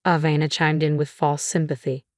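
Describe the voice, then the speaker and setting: A woman reading a first-person drama story aloud in an even, measured scripted narration. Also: sits low, dry recording, studio quality.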